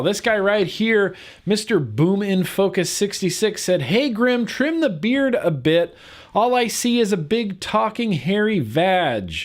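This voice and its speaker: A young man hosting his own vlog in a casual, laid-back way, swearing offhandedly and laughing at viewer comments. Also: fairly high pitch. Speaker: vlog host.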